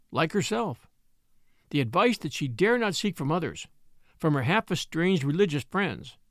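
A man narrating a classic story as an audiobook in an expressive storytelling manner. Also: a little high, dry recording, studio quality.

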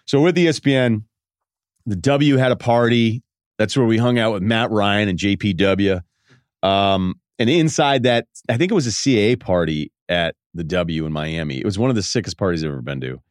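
A man's voice: lowish voice, dry recording, clean studio sound. A man in his forties hosting a podcast, telling casual stories in a loose, self-mocking way and laughing between phrases. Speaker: podcast host. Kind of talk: casual storytelling monologue.

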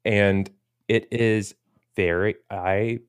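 A man's voice: fairly low pitch, fairly even intonation, extremely slow, clear, resonant tone, no echo, clean studio sound. A man in his thirties co-hosting a podcast in casual chat, rambling and self-deprecating. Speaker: podcast co-host.

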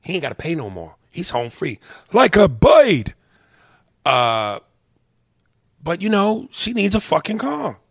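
Gravelly dude ranting, cursing, gets loud then mutters, dry close mic. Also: male voice, big pitch swings, moderate pace, no echo. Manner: heated, profane, swings between loud outbursts and low mutters. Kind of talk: profane storytelling rant.

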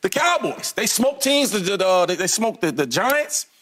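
A man's voice: high voice, sing-song, moderate pace, a bit bright. A man arguing in a heated sports debate, teasing the other panelists and repeating words as he talks. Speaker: sports debate show panelist, former player.

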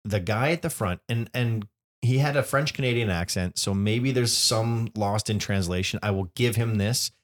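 A man co-hosting a podcast, telling a story in casual chat with animated asides. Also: fairly low pitch, moderate pace. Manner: animated storytelling, mimics voices. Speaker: podcast co-host.

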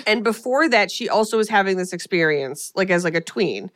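A woman's voice: mid-range voice, expressive, brisk, no room sound, clean studio sound. A woman co-hosting a podcast, recapping a film in a rambling, casual way with lots of fillers. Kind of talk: casual chat.

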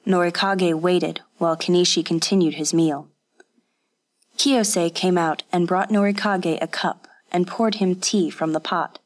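A woman narrating a story as an audiobook reader, in a calm, even storytelling manner. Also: on the low side, unhurried. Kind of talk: scripted narration.

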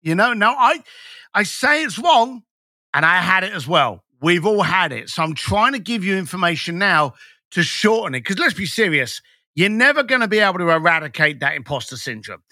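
A man's voice: high-pitched, sing-song, normal speed, bright, forceful tone, dry recording, clean studio sound. A man, a business coach talking bluntly and emphatically as a podcast guest. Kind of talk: podcast conversation.

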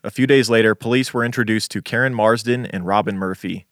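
A man's voice: lowish voice, quick pace, fairly bright tone, no echo, studio quality. A man co-hosting a true crime podcast, telling the case story in a laid-back, casual way and swearing now and then. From Las Vegas. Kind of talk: casual chat and case narration.

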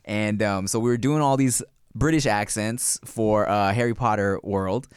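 A man hosting a podcast in casual, animated chat, swearing freely, laughing often and slipping into voices. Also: lowish voice, unhurried, clean tone, no room sound, studio quality. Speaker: podcast host.

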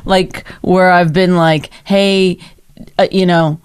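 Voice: medium pitch, flat delivery, slow, clear, resonant tone, dry recording. Teasing filler-heavy comedian. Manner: teasing, filler-heavy, lots of "like" and "you know". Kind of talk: casual podcast chat.

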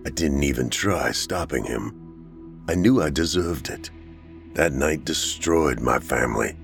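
Deep-voiced man narrating horror. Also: expressive, music in the background. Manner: somber, measured first-person telling.

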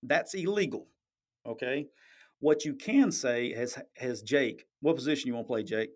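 A man runs a sports podcast, his mid-range voice moving at a moderate pace. He keeps things casual, blunt, and profane, emphasizing his points and frequently tagging on "okay?"

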